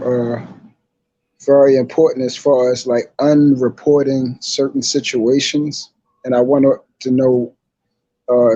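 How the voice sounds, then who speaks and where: A man with a dark, mellow voice asks questions slowly on a live panel. He halts often, padding with uh and um. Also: medium pitch, lo-fi sound. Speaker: panel participant.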